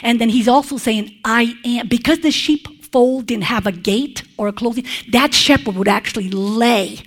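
A woman's voice: a little high, normal speed. A woman preaching a sermon with prayer. She speaks emphatically and expressively, and often turns to the congregation with conversational asides to check they are following.

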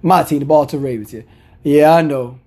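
Gravelly-voiced man giving football picks. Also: a little high, brisk. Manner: animated, opinionated, repeats phrases for emphasis. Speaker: sports picks commentator. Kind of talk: casual football betting picks.

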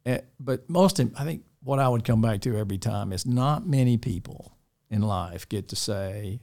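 A man's voice: fairly low pitch, animated, moderate pace. An older man, a school dean, chatting in an interview with many restarts and fond chuckles. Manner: rambling, warm-hearted, with many restarts and chuckles. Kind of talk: casual interview chat.

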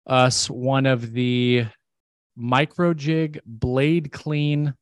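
A man's voice: medium pitch, flat delivery, extremely slow, clear, resonant tone, no room sound. Chatty male podcast host, dry sound. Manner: rambling with many fillers and restarts. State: out of breath. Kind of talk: casual chat.

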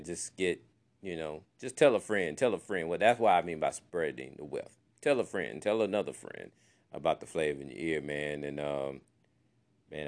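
A man hosting his own podcast, talking loosely and chatting away, with "man" in nearly every sentence. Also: deep voice. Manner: loose and chatty, says "man" constantly, many fillers. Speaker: podcast host. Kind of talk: casual solo podcast talk.

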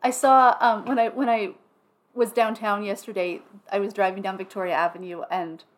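A woman's voice: medium pitch, moderate pace. A woman co-hosting a podcast in casual chat, telling stories animatedly and acting out quotes with swearing. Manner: animated storyteller, acts out quotes loudly, swears. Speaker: podcast co-host. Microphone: podcast microphone.

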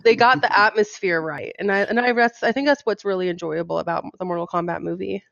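A woman's voice: lowish voice, fast, creaky, fairly bright tone, dry recording. Woman, podcast guest, frank and blunt, muffled lo-fi mic, dry. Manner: frank, swears casually. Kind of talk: casual chat.

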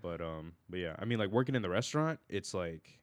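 A man in his twenties co-hosting a podcast, joking around with quick, profane banter. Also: low voice, animated, no room sound, studio quality. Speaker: podcast co-host. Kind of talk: casual chat.

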